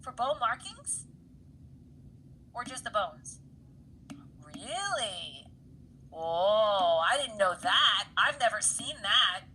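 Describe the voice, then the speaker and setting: A woman runs an anatomy lab class, talking students through slides in a loose, conversational way and checking in with them often. Her voice is bright and a little high. A faint hum sits under the recording. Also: rough recording. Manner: chatty, keeps checking in with "right, guys?"; laughs easily at her own jokes. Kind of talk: casual lecture over slides.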